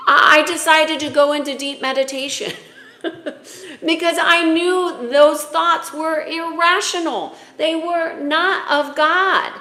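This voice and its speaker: A woman's voice: sits high, fairly bright tone. Earnest woman coach with a roomy echo. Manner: earnest, emotional, tearful at times. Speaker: spiritual coach. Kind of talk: heartfelt spiritual talk to camera.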